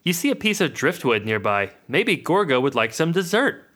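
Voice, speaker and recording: A man reads a children's adventure book aloud on a comedy podcast, breaking off for jokey asides. His voice is bright and forward, and his pitch swings widely as he performs the text. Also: normal speed. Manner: jokey, animated reading with asides. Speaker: podcast co-host reading a choose-your-own-adventure book aloud. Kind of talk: comedic podcast read-along.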